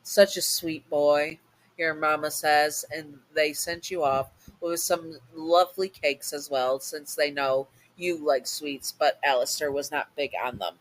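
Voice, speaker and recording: A woman's voice: low-pitched, flat delivery, a little slow, few pauses, low-quality recording. A woman casually reading a second-person fan audio story, often stumbling over and restarting words.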